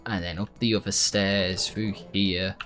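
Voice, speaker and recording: A man's voice: low-pitched, level tone, unhurried, fairly bright tone, faint music behind. A man giving casual, rambling commentary as he plays a video game, correcting himself often and swearing when frustrated. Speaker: gaming YouTuber.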